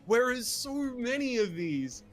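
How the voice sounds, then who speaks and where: A man's voice: very high voice, sing-song, a little slow, soft background music. A man co-hosting a let's play, chatting casually while gaming in a rambling, opinionated way and swearing freely.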